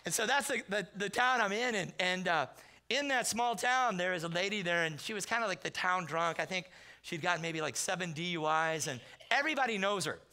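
A man's voice: high voice, fairly quick. A man preaching as a guest pastor, telling comic stories and acting out the voices in them. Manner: animated, comic storytelling with acted-out quotes. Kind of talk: storytelling sermon. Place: church sanctuary.

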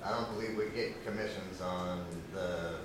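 A man's voice: low-pitched, steady tone, normal speed. A man at a staff meeting, hesitant, raising a concern with many fillers, recorded from a distance. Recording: echoey room, mic far off, noisy.

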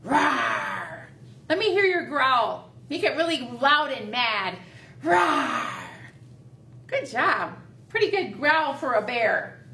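A high-voiced woman reads to small children slowly and gently, with a sing-song lilt. She is heard from across an echoey library room, a little off mic. A faint hiss sits under her voice. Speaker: children's librarian leading storytime. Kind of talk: reading aloud to young children. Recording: echoey room, voice caught from a distance.

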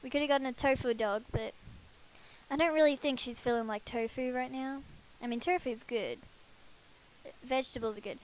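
Woman gamer on a headset, high-pitched voice, casual self-deprecating commentary. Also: normal speed, a little hiss or hum, poor audio. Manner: chatty, self-deprecating, talks to her game characters. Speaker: let's play gamer.

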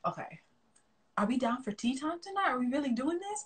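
A woman's voice: high-pitched, very animated, brisk, crowd noise. A woman co-hosting a casual livestream chat, gushing enthusiastically and talking straight to her viewers on a phone mic. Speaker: livestream co-host.

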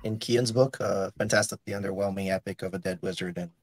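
A man, an author co-hosting the podcast, speaking in a hesitant, halting way. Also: low-pitched, fairly even intonation, no room sound. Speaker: author, co-host. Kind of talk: casual podcast chat.

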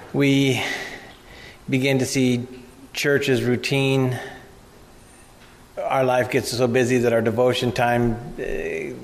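A male pastor giving a conversational sermon in a church and reading scripture aloud. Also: medium pitch. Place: church sanctuary. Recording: reverberant church hall.

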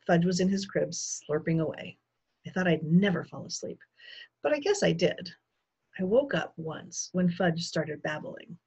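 Woman teacher reading aloud, low-pitched and husky, expressive delivery, dull lo-fi recording. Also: a little slow. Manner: expressive storytelling. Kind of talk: reading a children's novel aloud.

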